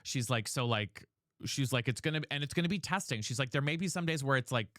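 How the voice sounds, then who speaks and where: A man's voice: mid-range voice, animated, fast talker, fairly bright tone, dry recording, studio quality. A young man streaming and chatting casually, rambling and retelling a conversation line by line. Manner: rambling, retells others' words with "she's like". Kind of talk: casual chat while gaming.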